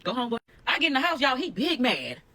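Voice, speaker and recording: A woman telling a personal story in a blunt, profane, animated way, addressing her viewers directly. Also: sits high, quick pace. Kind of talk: casual storytime monologue.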